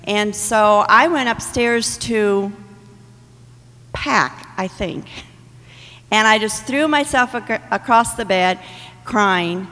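A woman's voice: mid-range voice, takes it slowly, long pauses, fairly bright tone, in a large hall, low-quality recording. A middle-aged woman telling her personal testimony to a congregation in a candid, conversational way. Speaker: church member giving testimony.

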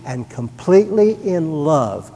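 A man's voice: fairly high pitch, very animated, takes it slowly, mellow, in a large hall. A middle-aged man giving a personal testimony to a congregation, earnest and rising to emphatic. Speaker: church member giving testimony.

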